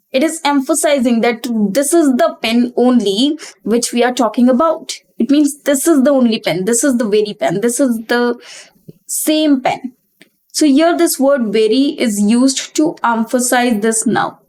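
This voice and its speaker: A young woman teaches English grammar for exam preparation. Her voice sits a little high, and she explains each point in careful steps, repeating the key terms so they stick. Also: darkish tone, poor audio. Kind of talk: exam-prep grammar lesson.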